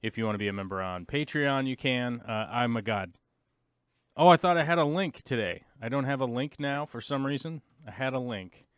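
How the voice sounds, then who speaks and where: A man's voice: medium pitch, animated, normal speed, clear, resonant tone, no room sound, clean studio sound. A man hosting a casual livestream chat, rambling with many fillers and playfully mimicking other people. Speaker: livestream host.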